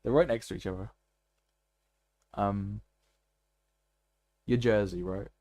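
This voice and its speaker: A man chatting over a game stream in a low voice, joking with his audience and laughing often. The sound is dry and close to the mic. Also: steady tone, slow, darkish tone, no room sound. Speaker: gaming streamer. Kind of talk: live gameplay commentary.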